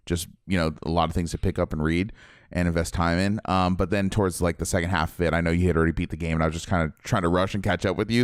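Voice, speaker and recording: A man's voice: sits low, smooth, dry recording, studio quality. A young man co-hosting a podcast, chatting casually and animatedly about a video game. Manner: animated, laughing, acts out quoted characters. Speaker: podcast co-host.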